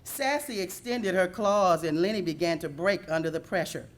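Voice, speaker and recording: A woman with a lower voice reading a storybook aloud. She tells it in a measured, expressive way, leaning into the scenes. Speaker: reader.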